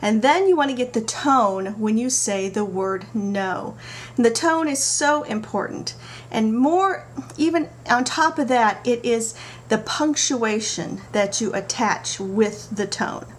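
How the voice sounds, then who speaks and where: A middle-aged woman talks straight into her camera, bright and animated as she tells stories with playful asides. Her voice sits a little high, and a faint hiss of background noise runs under it. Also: unhurried. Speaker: parenting vlogger. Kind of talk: casual talk to camera.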